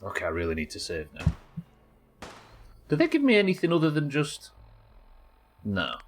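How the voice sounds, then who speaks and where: A man's voice: fairly high pitch, wildly swooping pitch, normal speed, faint music behind. Rambling British-based streamer man. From United Kingdom. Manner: casual, rambling, swears, reacts aloud. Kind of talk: live gameplay commentary.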